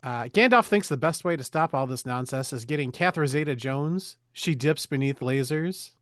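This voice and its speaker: A man's voice: medium pitch, moderate pace, a bit bright, no echo, studio quality. A man hosting a podcast, giving a casual, crude, joking recap of a movie plot.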